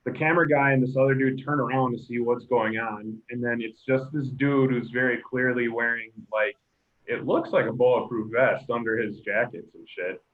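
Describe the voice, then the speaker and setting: A man's voice: mid-range voice, moderate pace. A man in casual chat, rambling with many fillers as he recounts events. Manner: rambling, filler-heavy, excitable. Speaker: podcast co-host. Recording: tinny phone-like line.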